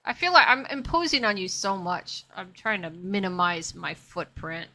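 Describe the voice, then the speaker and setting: Speaking at a moderate pace, this woman has a medium-pitched, bright voice with a forceful edge. It's casual live-stream chat: she plays a game, talks with her audience, and walks herself through each move.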